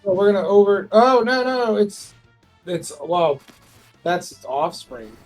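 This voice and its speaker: High-voiced nerdy male gamer. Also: animated, a little slow, soft background music. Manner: nerdy, explains lore at length. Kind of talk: casual gaming chat.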